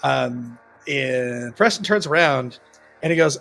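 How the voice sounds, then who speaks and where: A man's voice: mid-range voice, expressive, moderate pace, gravelly, fairly bright tone, soft background music. A man co-hosting a podcast, casually retelling a horror film plot with lots of ums and laughs. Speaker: podcast co-host. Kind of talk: casual film-review chat.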